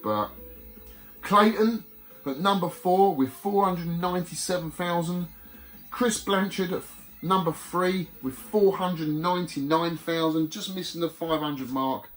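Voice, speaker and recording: A man's voice: a little high, a bit bright. A man hosting a video, chatting casually as he reads out competition scores with friendly asides. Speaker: YouTube host reading competition results. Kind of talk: casual chat to viewers.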